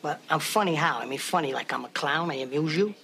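An actor playing a volatile, short-tempered mobster who talks in a brash, profane way. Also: male voice, fairly high pitch, fast, vocal fry, pushed and bright. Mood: menacing. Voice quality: brash, profane, menacing mock-offense. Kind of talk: film dialogue. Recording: noisy film audio.

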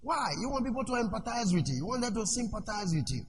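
A male preacher giving a sermon in an animated way. He asks the congregation questions and lets them finish his sentences. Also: high-pitched, fast talker. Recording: echoey hall with faint noise.

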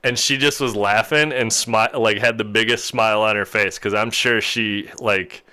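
A man telling a story in casual chat, animated and laughing often as he goes. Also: on the low side, moderate pace, clean tone.

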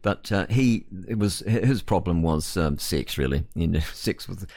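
A man's voice: low-pitched, animated, moderate pace, darkish tone, no echo. A man with a New Zealand accent hosting radio talk, preaching in a rambling, earnest way with many restarts. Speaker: radio host.

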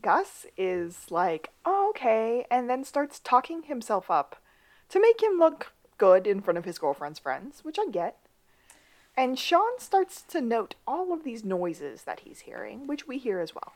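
A woman co-hosting a casual podcast recap of a TV episode, moving between high excited bursts and low asides. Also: measured pace. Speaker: podcast co-host.

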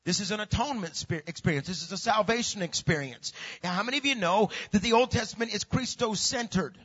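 A high-voiced man preaches a sermon, dropping to a hush and then rising to a shout while he repeats words for emphasis. His voice is bright with a husky grain. The recording sounds dull and lo-fi. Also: quick pace. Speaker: pastor.

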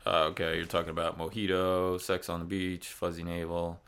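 A man who works as a bartender, telling quick, laughing stories in a casual podcast chat. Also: sits low, monotone, creaky, a bit bright, smooth.

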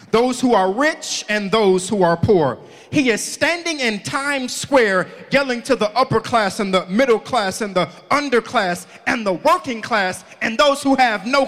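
High-voiced preacher in a reverberant church. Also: male voice. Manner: rhythmic preaching with rising shouted calls. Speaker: pastor. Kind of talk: sermon. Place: church sanctuary.

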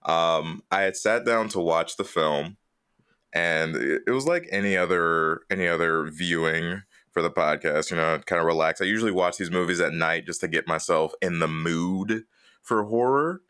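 A podcast co-host speaks in a very deep, smooth voice. The talk is relaxed and unhurried, often pausing with ums while searching for the details of a memory. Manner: relaxed, hesitant, many ums. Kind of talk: casual chat.

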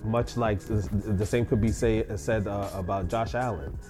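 A man with a Puerto Rican accent co-hosting a radio talk show, easygoing and halting, with many fillers. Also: on the low side, fairly even intonation, music in the background. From Puerto Rico. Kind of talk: casual banter on a radio show.

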